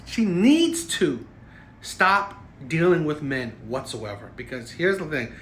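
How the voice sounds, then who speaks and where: Ranting man with a slightly high voice. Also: big pitch swings, takes it slowly, a bit bright, slight background noise. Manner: ranting, keeps asking "right?". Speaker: commentary host. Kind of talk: reaction commentary. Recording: echoey room.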